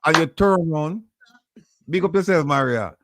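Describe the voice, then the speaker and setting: A man's voice: a little high, animated, moderate pace, gravelly, noisy background. A man with a Jamaican accent hosting a casual talk, insistent and argumentative as he directs the reading. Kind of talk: casual chat.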